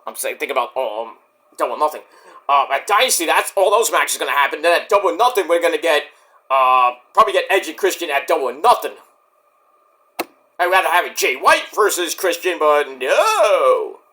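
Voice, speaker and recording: A man's voice: a little high, fairly quick. A man giving a casual, profane recap of a wrestling show, reviewing it as host. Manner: animated, swears freely, acts out wrestlers' lines in shouted bursts.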